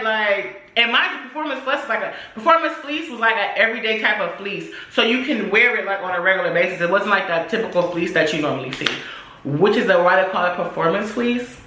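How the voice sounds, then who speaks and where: A young adult woman vlogger telling a story casually, in animated, slangy, profane speech. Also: medium pitch, fairly quick, a little hiss or hum. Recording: echoey room.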